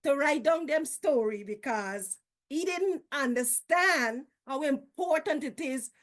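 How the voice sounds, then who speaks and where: A Guyanese woman with a high voice tells family tales in a lively, homely manner. Her Creole turns of phrase run all through her speech. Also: slow. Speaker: storyteller. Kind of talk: casual storytelling.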